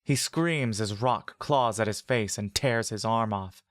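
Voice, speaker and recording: A man's voice: lowish voice, unhurried, dry recording. Man narrating a story, dry close sound. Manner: steady, vivid storytelling. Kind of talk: scripted second-person story narration.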